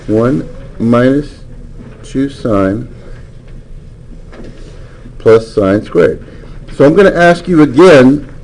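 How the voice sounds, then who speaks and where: A man's voice: mid-range voice, darkish tone, slightly rough, poor audio. A man teaching a math class, lecturing and coaxing answers from students with frequent questions.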